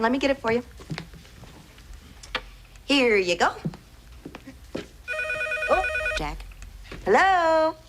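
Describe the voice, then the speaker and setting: A giddy, boozy sitcom wife, gushing with a gravelly edge and a lively, high voice. A roaring laugh track and heavy noise fill the audio. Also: female voice, full character voice.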